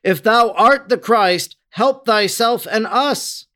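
A man's voice: sits high, slow, pitched above the performer's own voice, full character voice. A man voicing a taunting thief on a cross who cries out mockingly in a dramatic reading. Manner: shouting taunts.

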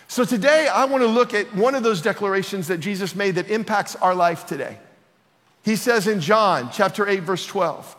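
A man's voice: high-pitched, moderate pace, fairly bright tone. A man preaching a sermon as pastor, emphatic and building to passionate declarations. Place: church auditorium. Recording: long reverb of a large hall.

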